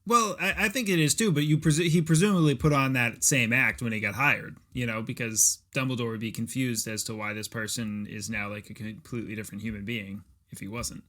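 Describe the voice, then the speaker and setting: A man's voice: medium pitch, steady tone, fairly quick, few pauses, pushed and bright. A man co-hosting a podcast, talking in a rambling, profane way with many fillers and restarts. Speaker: podcast co-host. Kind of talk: casual chat.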